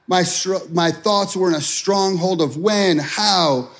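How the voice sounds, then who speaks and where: A man's voice: sits high, slow, fairly bright tone. A middle-aged man preaching a sermon as a pastor, in a conversational style that acts out anxious prayers.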